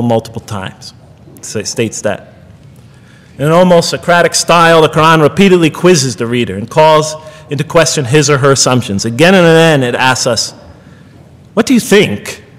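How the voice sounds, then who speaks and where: Middle-aged man, lecturer, slightly high voice, earnest rhetorical questions, wry asides, long hall reverb. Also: a bit bright. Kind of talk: public lecture.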